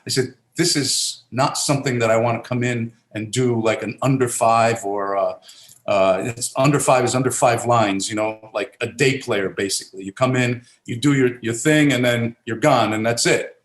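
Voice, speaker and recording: A man's voice: mid-range voice, moderate pace, reverberant. A middle-aged man from Italy, raised in New Jersey, talking casually as an actor guest, rambling with many fillers and restarts. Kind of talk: casual interview talk.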